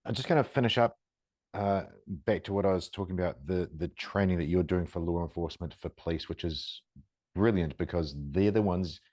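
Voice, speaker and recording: A man's voice: low voice, a little fast, a little mellow, no room sound, studio quality. A man hosting a podcast interview, talking in a conversational, rambling way and praising his guest. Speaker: podcast host. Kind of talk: casual interview talk.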